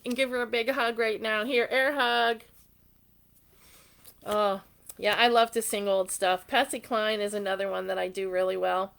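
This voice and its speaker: A middle-aged woman with a slightly hoarse voice, hosting a live jewelry sale, chatting casually and reading viewer comments. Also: mid-range voice, fairly even intonation, moderate pace, a bit bright. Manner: chatty and sentimental, reads viewer comments aloud. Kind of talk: casual live-stream chat.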